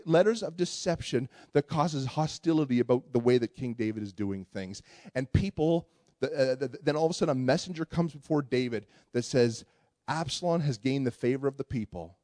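A man delivers a sermon in a relaxed, conversational way, stumbling and repeating words as he retells a story. His voice sits a little higher than most men's. The recording is dry and close, with no room echo. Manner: conversational, repeats words while searching for them. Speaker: preacher.

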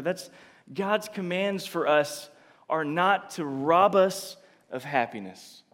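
A man with a high-pitched, animated voice delivers a sermon slowly, in an earnest, confessional style, with big-room sound around him. He frequently starts his sentences over and shifts between gentle and forceful delivery.

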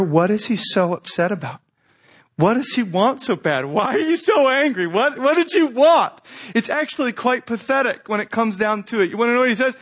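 A man preaching a sermon as pastor, conversational and animated, often asking rhetorical questions. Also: high-pitched.

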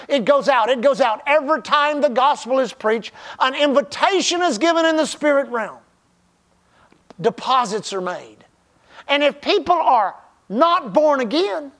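A male pastor delivering a sermon in a high voice. He leans hard on key phrases and draws them out, then sinks to a near-hush for the quieter points. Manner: emphatic preaching, stretching key phrases and dropping to a hush.

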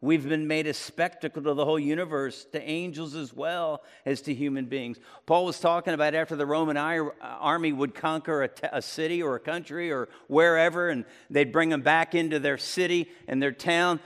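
A man preaching a sermon, swinging between loud emphatic peaks and low quiet passages. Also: fairly even intonation, moderate pace, few pauses. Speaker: pastor. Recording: long reverb of a large room.

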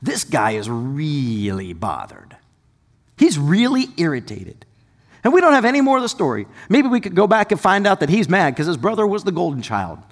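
A man preaching a sermon as pastor, conversational and animated, with sudden shouts and quick asides. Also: on the high side. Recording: long hall reverb.

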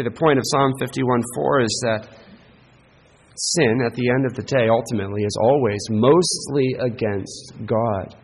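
Male pastor, mid-pitched husky voice, earnest emphatic sermon delivery, long church reverb. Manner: earnest, emphatic, with frequent rhetorical "right?".

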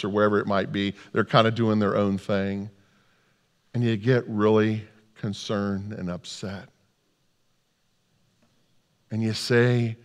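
A male preacher telling a story in a sermon, swinging from loud outbursts to hushed tones. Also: on the low side, smooth. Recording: long hall reverb.

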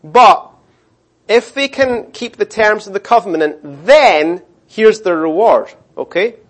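A middle-aged man preaching a sermon, animated, acting out the voices of the people in his story. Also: high-pitched. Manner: animated, acts out voices of complainers and God. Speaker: pastor.

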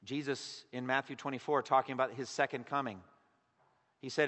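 A man preaching a sermon in an earnest way, his voice swelling loud on key words and then dropping to a hush. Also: mid-range voice, steady tone, a little fast. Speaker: pastor. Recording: long echo of a large hall.

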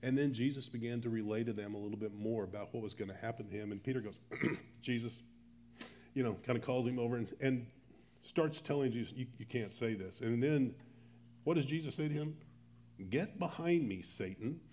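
A man's voice: medium pitch, steady tone, fast, darkish tone, slight background noise. A man, a pastor, preaching a sermon in a conversational way, acting out the Bible characters' lines as he retells the stories. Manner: conversational, acts out Bible dialogue in quoted voices.

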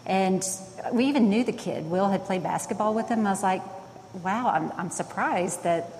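A woman's voice: medium pitch, moderate pace, darkish tone, long reverb tail, slight background noise, poor audio. A woman casually telling a story about her son, earnest and plain-spoken.

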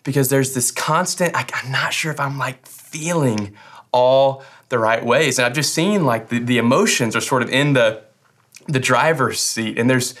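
A man's voice: mid-range voice, a bit bright. Casual young man preaching a sermon. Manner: casual, joking, hesitant restarts. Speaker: pastor.

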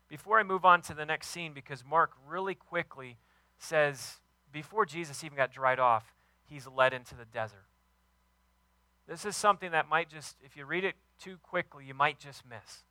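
A man preaching a sermon with enthusiastic, emphatic delivery, warm about his kids and his faith. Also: high voice, no room sound, rough recording. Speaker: pastor.

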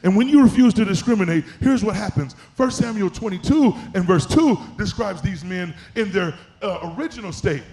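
A man's voice: sits high, animated, normal speed, few pauses, a little mellow. A middle-aged man preaching a sermon in a church, building to chanted, emphatic peaks. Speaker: pastor.

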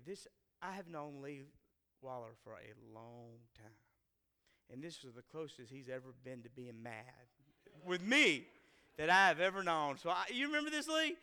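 A man's voice: high-pitched, sharp tone, clean tone. A man, telling a self-deprecating personal story to a live audience and acting out the quotes. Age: 40s. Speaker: speaker addressing a live audience. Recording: long hall reverb.

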